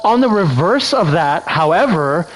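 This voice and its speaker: A man's voice: fairly high pitch, big pitch swings, unhurried, rough recording. A man voicing an anxious young woman lost in a strange world, reading game text in a put-on Valley Girl accent with rising, upswinging lines.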